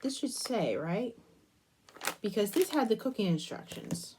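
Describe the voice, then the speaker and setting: Very animated and fairly high-pitched, this young adult woman talks a little slowly over a noisy background. As host of a crafting channel, she works with clay while rambling through a long childhood story, interrupting herself with asides about the piece.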